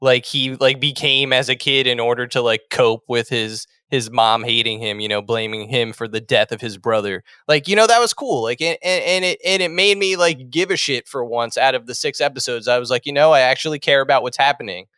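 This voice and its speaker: A man co-hosting a casual podcast, chatty and quick to laugh, often steering the talk with questions. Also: mid-range voice, pushed and bright, smooth, no room sound, clean studio sound. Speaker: podcast co-host. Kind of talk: casual chat.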